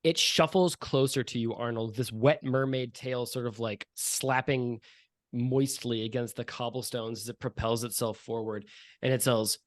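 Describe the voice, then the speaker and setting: A man's voice: mid-range voice, steady tone, normal speed, dry recording. A man narrating a tabletop game as game master, descriptive and loose, with many fillers. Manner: descriptive, with frequent "um" and "like".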